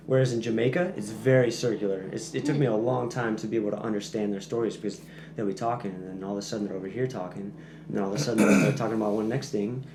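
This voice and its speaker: A man's voice: on the low side, dark tone. Guy on a podcast rambling through a long explanation, lots of ums and restarts, echoey room with a bit of hiss. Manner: chatty, explains at length with many fillers and restarts. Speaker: podcast guest back from Peace Corps service. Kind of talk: casual podcast chat. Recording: echoey room with faint noise.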